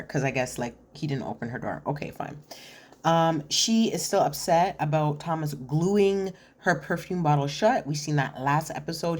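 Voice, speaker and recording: A young woman recapping a reality show episode in casual commentary, chatty and full of fillers, acting out what the cast says. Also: low voice. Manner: chatty, filler-heavy retelling with acted-out quotes.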